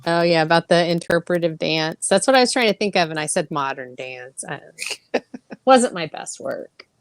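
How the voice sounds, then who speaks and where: A woman's voice: fairly low pitch, lively intonation, normal speed, soft background music. A woman co-hosting a casual podcast, playful and teasing. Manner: playful, teasing, laughs often. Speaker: podcast co-host. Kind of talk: casual chat.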